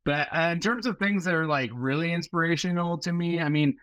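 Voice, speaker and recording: A man's voice: on the high side, fairly quick, smooth. A man in his forties from Seattle, talking casually and at length as a filmmaker guest in an interview, with many fillers. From Seattle, USA. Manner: rambling, filler-heavy, relaxed. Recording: muffled lo-fi audio.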